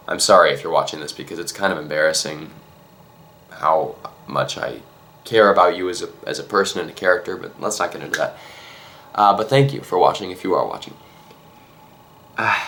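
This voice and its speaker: A male vlogger with a low, slightly bright voice tells a comic story. He's earnest and mock-emotional, halting and restarting his sentences.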